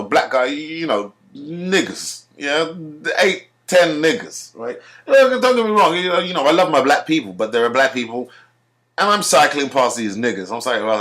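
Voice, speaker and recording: A man delivering a rambling, profane ranting monologue and telling stories. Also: fairly high pitch. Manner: rambling, profane, animated storytelling. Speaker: vlogger.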